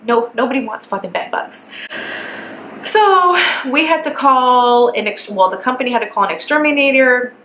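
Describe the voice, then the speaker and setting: A young woman telling a casual storytime vlog, animated and profane, exasperated as she recounts her ordeal. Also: on the high side, moderate pace. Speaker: vlogger. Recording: echoey room with faint background hiss.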